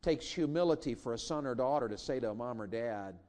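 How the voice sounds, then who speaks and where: Animated middle-aged man preaching. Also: mid-range voice, a little fast. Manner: animated storytelling, big swings from loud to hushed. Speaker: pastor. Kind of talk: sermon with family stories.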